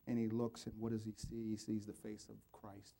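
Pastor guy preaching, gravelly dark voice, earnest and pleading. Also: lowish voice, completely flat delivery, moderate pace, a little hiss or hum. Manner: earnest, pleading, voice rising and falling. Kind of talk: sermon with altar call and prayer.

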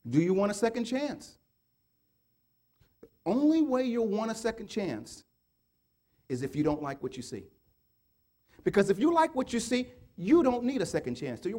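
A man preaching a sermon, firing repeated rhetorical questions at the congregation and swinging from loud urging to low murmured asides.

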